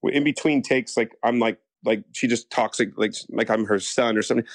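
A man's voice: medium pitch, brisk, hardly any pauses, no room sound. A man from the United States, an actor telling stories in a casual interview, rambling with lots of restarts. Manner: rambling, animated, full of restarts and acted-out quotes.

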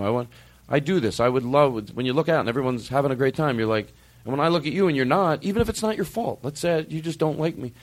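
A man's voice: a little high, dry recording. A middle-aged man hosting a casual comedy podcast, telling stories animatedly, swearing freely and acting out quoted lines. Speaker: podcast host.

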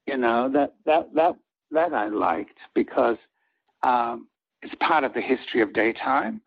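An older man with a husky voice, a soap opera actor telling rambling anecdotes in an interview and acting out what others said. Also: medium pitch, animated, unhurried, muffled recording. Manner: rambling, acts out quoted lines of others.

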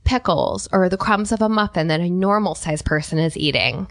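A woman co-hosting a scripted comedy podcast, delivering absurd lines in a deadpan, playful way. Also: lowish voice, moderate pace, dry recording, clean studio sound. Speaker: podcast co-host.

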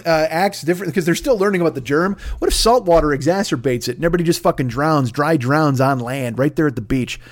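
Male podcast host, somewhat high voice, swearing and wry, rambling monologue. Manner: profane, digressive, wry. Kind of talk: casual comedic rant.

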